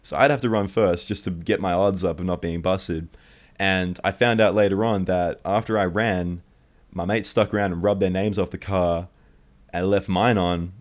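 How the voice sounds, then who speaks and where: A young man telling a true childhood story in one take, rambling and profane. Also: low-pitched.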